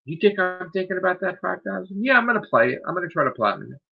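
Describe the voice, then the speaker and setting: A man's voice: sits high, very animated, very fast, vocal fry, husky, dull audio. A man hosting his own live stream, ranting in a heated, profane, scolding way. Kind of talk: angry live-stream rant.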